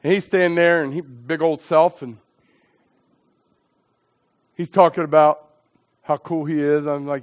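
A middle-aged preacher from southeastern Pennsylvania tells his testimony with a high, bright voice. He is animated and dramatic, dropping to hushed asides and climbing to shouts. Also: unhurried, long pauses. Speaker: evangelist preacher. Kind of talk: sermon testimony storytelling.

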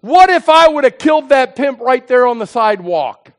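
A man voicing God as a calm, knowing male deity who asks probing questions in a sermon story. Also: very high-pitched, normal speed, dry recording, clean studio sound, voice pushed up.

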